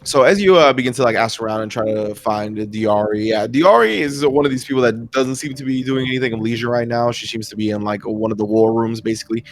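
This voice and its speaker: A man's voice: medium pitch, fast, few pauses. Casual man narrating as game master. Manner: casual, filler-heavy narration.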